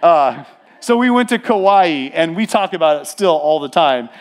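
Male pastor, thirties, bright high voice, conversational sermon. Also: animated, normal speed. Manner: conversational preaching with acted-out quotes.

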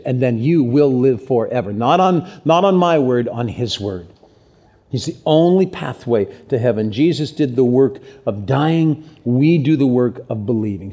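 A male pastor preaching an energetic, emphatic sermon in church. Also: medium pitch. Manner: energetic and emphatic, drops to soft prayer.

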